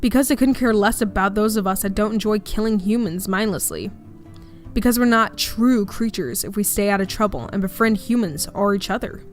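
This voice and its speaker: A woman voicing a surly, defensive young werewolf man in a game playthrough, pushing her voice deeper and sounding gruff and scoffing. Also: brisk, soft background music, close to an everyday voice. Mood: bitter. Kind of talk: voicing a character in a visual novel playthrough.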